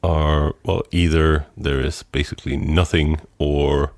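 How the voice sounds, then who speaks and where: A man's voice: a bass voice, little pitch movement, measured pace, a little mellow, dry recording. A man co-hosting a podcast in a laid-back, casual chat, with short replies and musing asides. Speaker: podcast co-host.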